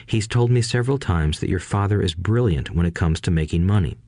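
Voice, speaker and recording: A man reading the part of a kind, gentle schoolteacher father who explains things patiently. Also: low voice, expressive, fairly quick, dry recording, clean studio sound. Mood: patient explaining. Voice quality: soft, patient. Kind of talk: audiobook reading.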